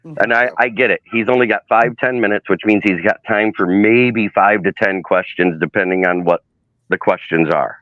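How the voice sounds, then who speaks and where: A man with a low voice tells animated stories on a casual livestream. His sound is dry and a little dull, like a lo-fi call. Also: moderate pace, dry recording. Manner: animated storyteller, acts out quotes. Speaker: sports media intern and livestream guest.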